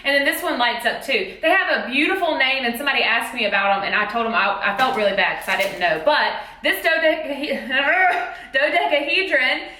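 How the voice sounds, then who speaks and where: A woman's voice: high voice, lively intonation, fairly quick, hardly any pauses, pushed and bright. A woman teacher chatting in a bubbly, exclamatory way about a haul of school supplies. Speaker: teacher vlogger. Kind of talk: casual haul vlog. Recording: echoey room.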